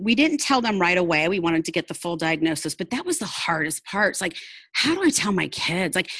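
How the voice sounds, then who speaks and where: A woman's voice: mid-range voice, dry recording. Earnest woman, heartfelt interview guest. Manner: earnest, laughs often while telling; open and heartfelt. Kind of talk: candid personal interview.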